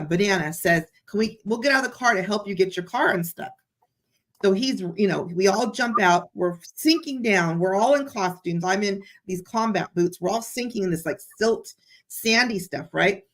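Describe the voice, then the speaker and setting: A woman chatting as a guest, telling a story in an excited, animated way. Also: medium pitch. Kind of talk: casual chat.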